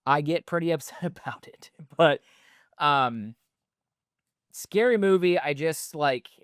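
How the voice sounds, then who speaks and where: A man's voice: fairly high pitch, slow, a bit bright, clean tone, no echo, studio quality. A man in his thirties with a stutter, hosting a casual podcast monologue in a rambling, loose way full of fillers. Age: 30s. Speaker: podcast host.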